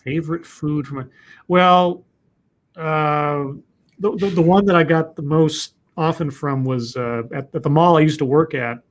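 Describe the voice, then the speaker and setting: A man's voice: on the high side, measured pace. A man hosting a casual live podcast, reading out chat questions and rambling with frequent restarts.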